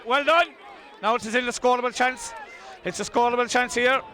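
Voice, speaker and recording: Live from an outdoor pitch, an excitable Irishman commentates on a hurling final with unashamed bias toward his club. He talks briskly in a high, bright voice that keeps rising to shouts, while a crowd and outdoor sounds murmur faintly behind.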